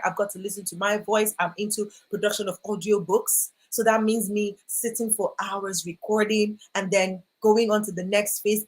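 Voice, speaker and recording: A woman's voice: mid-range voice, husky. A woman speaking at a live online workshop, encouraging and repetitive, reading viewers' comments aloud. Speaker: voice coach speaker.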